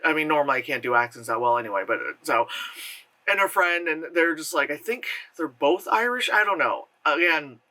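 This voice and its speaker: A man's voice: fairly high pitch, animated, a little fast, bright, forceful tone, poor audio. An American man in pain, reviewing a movie in a rambling, sarcastic way, often interrupting himself and laughing. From United States.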